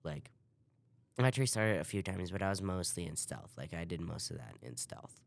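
A man's voice: low voice, gravelly. A man hosting a podcast, casually recapping a video game in a rambling way and swearing offhand. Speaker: podcast host.

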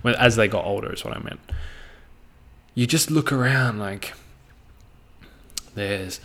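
A man's voice: lowish voice, a little slow, creaky, a bit bright. A young Australian man talking straight to camera in a loose, rambling monologue, swearing freely and often trailing off mid-thought. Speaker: vlogger.

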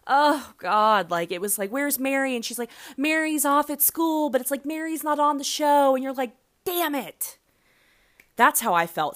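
A woman in her thirties hosting a solo podcast in a casual, rambling way, full of fillers and self-corrections, with sudden loud excited bursts. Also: medium pitch. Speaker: podcast host.

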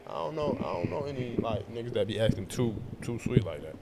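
A man's voice: mid-range voice, big pitch swings, fairly quick, heavy background noise. A young man co-hosting a podcast, talking in a laid-back way that hedges and trails off. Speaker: podcast co-host. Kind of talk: casual chat.

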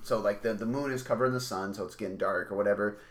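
A man's voice: fairly low pitch, steady tone, fast talker. A man telling a rambling, swear-filled story in a casual chat. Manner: rambling, swears a lot, many likes and rights.

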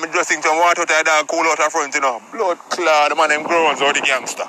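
A man's voice: a little high, fairly even intonation, fast talker, few pauses, noisy background. Brash Jamaican-patois man telling a story. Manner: brash, profane, boastful tough-guy bravado. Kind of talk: comic storytelling rant.

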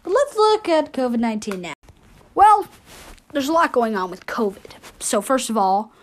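Woman, fairly high voice, casual news host, reads lists, corrects her own slips. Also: very animated, moderate pace. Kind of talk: casual amateur news rundown.

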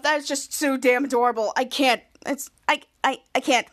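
A woman hosting a podcast, recapping a TV episode in a casual, excitable way, repeating herself and correcting her own words. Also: high-pitched, brisk, hardly any pauses. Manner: excitable, repetitive, frequent self-corrections. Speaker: podcast host.

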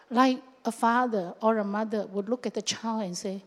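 A woman pastor preaching a sermon, lively and acting out scenes with local fillers. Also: mid-range voice, normal speed. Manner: animated, acts out scenes and voices, with local fillers like lah. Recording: long hall reverb.

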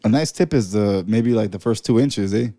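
A man's voice: fairly low pitch, normal speed, dark tone, no echo, clean studio sound. A man co-hosting a podcast, blunt and teasing, dropping Spanish slang into his speech. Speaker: podcast co-host. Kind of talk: casual chat.

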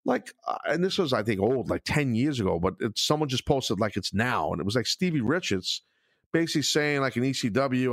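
A man's voice: mid-range voice, very animated, brisk, no echo, clean studio sound. A middle-aged man hosting a podcast in blunt, profane, casual chat. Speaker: podcast host.

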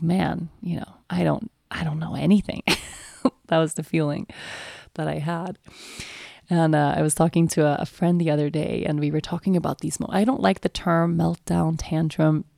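A woman's voice: low voice, gravelly, mellow, slightly rough, no echo, studio quality. A woman in her thirties, speaking as a parent in a candid, reflective monologue full of "you know" fillers.

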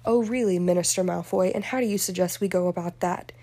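A woman reading aloud and voicing a sharp-tongued, sarcastic young woman who teases loudly. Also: fairly low pitch, fast. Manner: sarcastic, teasing and loud.

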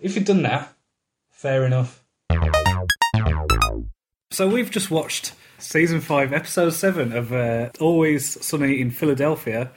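A man's voice: mid-range voice, a little slow, pauses often, faint music behind. A man co-hosting a podcast, chatting casually about films he has just watched and often laughing. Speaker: podcast co-host. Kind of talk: casual film review chat.

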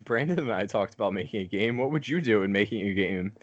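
A man's voice: fairly low pitch, animated, quick pace, dry recording, highs cut off. A young man co-hosting a casual podcast, cracking jokes with a straight face. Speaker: podcast co-host. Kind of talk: casual chat.

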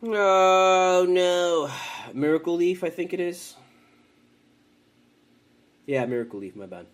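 A man's voice: on the high side, big pitch swings, moderate pace, warm tone. A young man hosting a casual podcast from his home, rambling and cursing, with many false starts. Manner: profane, rambling, frequent restarts. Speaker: podcast host.

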